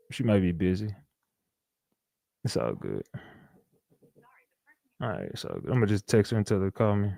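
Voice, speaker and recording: A man's voice: on the low side, gravelly, warm tone, no echo. Casual livestream host, male, loose slangy banter, dry close mic.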